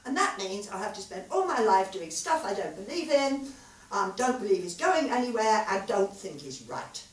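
Weary, earnest male physicist, quiet and confiding, read by a woman at a live reading, echoey hall, mic at a distance. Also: mid-range voice, big pitch swings, moderate pace, pitched above the performer's own voice, close to an everyday voice. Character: thoughtful, weary male physicist, gentle lover.

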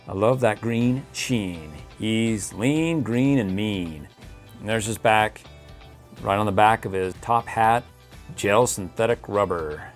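A man's voice: fairly low pitch, a little mellow. Chatty guy unboxing toys, goofy, voice bounces all over, laughs a lot. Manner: playful, chatty, laughs often. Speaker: toy reviewer. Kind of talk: casual unboxing commentary.

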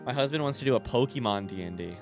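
A young man live-streaming a video game, reacting loudly and swearing when hit while chatting with viewers. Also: medium pitch, fast. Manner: excitable, swears and yelps when hit, reads chat aloud. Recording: game music behind voice. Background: game music.

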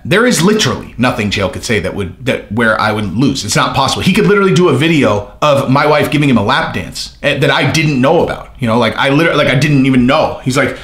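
A man's voice: medium pitch, reverberant. A man ranting casually about fighting news, swearing freely and acting out both sides of imagined conversations. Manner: profane, animated, acts out both sides of conversations. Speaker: MMA commentary YouTuber.

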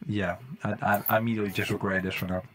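A young man live-streaming a game, chatting with viewers in slang and breaking into loud exclamations. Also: lowish voice, flat delivery, rapid-fire. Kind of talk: live-stream gaming commentary. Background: faint music.

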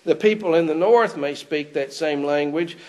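High-voiced man preaching a sermon. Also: moderate pace, darkish tone. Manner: asks rhetorical questions of the congregation. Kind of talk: expository sermon. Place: church.

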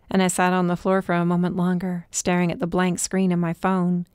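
A woman narrating a first-person audiobook in a measured, even way. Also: lowish voice, smooth, no echo, clean studio sound.

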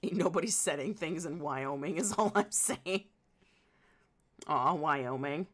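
A woman with an Indiana accent chats with her stream audience, her voice sitting on the lower side. She talks at an unhurried pace, full of dry jokes and easy laughter. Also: a bit bright. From Indiana, United States. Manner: wry, joking, quick to laugh. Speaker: livestreamer. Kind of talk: casual chat with viewers.

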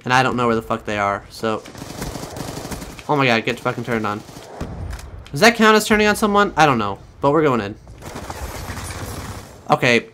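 A man giving profane, excitable commentary over his own gameplay and talking to his viewers. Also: medium pitch, normal speed, long pauses, a little hiss or hum. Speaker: gaming channel host.

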